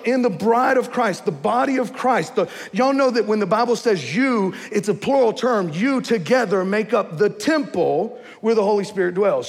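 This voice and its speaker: A man, preaching a sermon as pastor in a folksy, conversational way, often asking the congregation questions. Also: high voice. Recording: long hall reverb.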